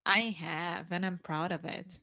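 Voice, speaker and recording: A woman's voice: fairly low pitch, steady tone, vocal fry, pushed and bright, no room sound, clean studio sound. A Brazilian woman speaking English with a Brazilian Portuguese accent, chatting casually as co-host and laughing often. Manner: slow-paced, laughs often. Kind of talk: casual chat.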